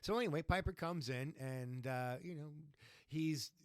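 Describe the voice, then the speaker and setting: A man co-hosting a podcast chats casually while recapping old wrestling shows, his smooth voice on the high side at a moderate pace. He acts out quotes in a raised voice, and the recording is dry and studio quality.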